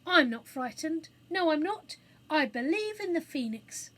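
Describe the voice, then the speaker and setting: A woman's voice: high-pitched, animated, moderate pace, voice pushed up. A woman voicing a plucky young boy who insists he is brave, in a storybook reading. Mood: insistent.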